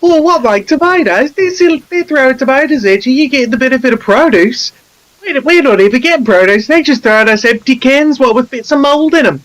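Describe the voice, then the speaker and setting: A man's voice: high voice, unhurried, rough recording. A man voicing a sly male soldier driver who haggles, in a silly put-on voice with crude banter. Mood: indignant.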